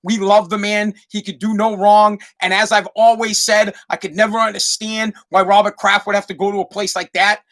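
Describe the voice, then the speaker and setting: A man's voice: high-pitched, little pitch movement, moderate pace, few pauses, a bit bright. A man from Massachusetts hosting a solo podcast, rambling through a profane comic rant and repeating himself as he goes. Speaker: podcast host.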